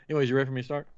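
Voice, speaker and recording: A man's voice: on the high side, dry recording. A man hosting a casual live podcast, laughing often and restarting his intro. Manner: giggly, animated, keeps restarting. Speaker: podcast host.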